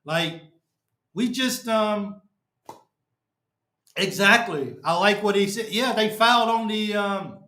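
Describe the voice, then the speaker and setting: A man's voice: high-pitched, slow, long pauses, sharp tone. A man hosting a fan show, ranting after a game, frustrated and repetitive. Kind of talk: post-game fan rant. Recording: echoey room.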